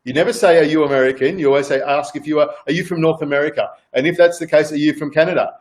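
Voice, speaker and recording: An Australian man with a voice a little higher than most men talks casually as a guest. He rambles, restarts sentences and fills gaps with "um" and "you know". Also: steady tone, very fast. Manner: rambling, repeats words, many fillers. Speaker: celebrity chef guest. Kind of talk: casual chat on a video call.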